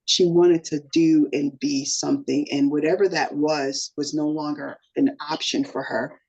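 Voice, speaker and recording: A middle-aged woman tells her personal story as a podcast guest. She sounds earnest and emotional. Her voice is gravelly and husky. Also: sits low, steady tone, unhurried, a little mellow, low-quality recording.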